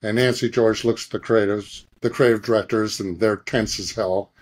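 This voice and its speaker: A man's voice: lowish voice, normal speed. A middle-aged man, a guest in a conversation, telling an anecdote animatedly and slipping into other people's voices as he goes. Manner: animated, acts out others' voices and sound effects. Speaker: guest, advertising creative director.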